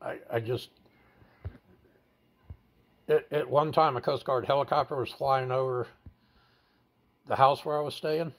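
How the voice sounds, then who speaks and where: A man's voice: medium pitch, steady tone, unhurried, long pauses. A man candidly telling a personal story in an interview, blunt and plain-spoken, stumbling over and repeating words as he goes. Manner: stammers and repeats words while recounting.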